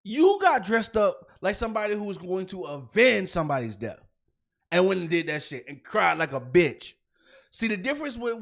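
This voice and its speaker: A man's voice: sits high, vocal fry, a bit bright. A man co-hosting a comedy podcast, ranting in a heated, profane way and repeating himself when fired up. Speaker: podcast co-host.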